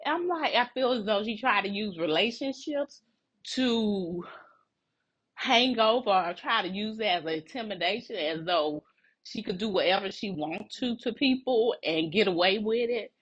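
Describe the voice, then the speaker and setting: A woman telling a workplace story in a casual, animated and indignant way, laughing between phrases. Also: medium pitch, moderate pace, slightly rough, lo-fi sound.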